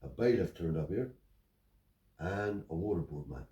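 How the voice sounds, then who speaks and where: This older man's voice sits low and keeps a moderate pace. A Romany Traveller being interviewed, he tells stories in a casual chat and animatedly acts out the lines, in a roomy recording made from a distance.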